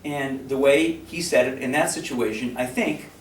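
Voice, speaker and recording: A man's voice: mid-range voice, normal speed. A man runs a workplace training in front of a live room, turning his teaching into jokes. He acts out sample remarks himself. The mic sits well back, so the room rings around his voice with a faint hum of ambience. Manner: joking, animated, acts out example lines. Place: meeting room with audience. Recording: roomy, mic far from speaker.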